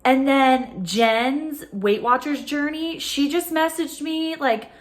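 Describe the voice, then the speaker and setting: A woman's voice: sits high, slow. A woman vlogging to her phone camera at home, gushing and emotional, with lots of fillers. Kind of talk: casual chat to camera.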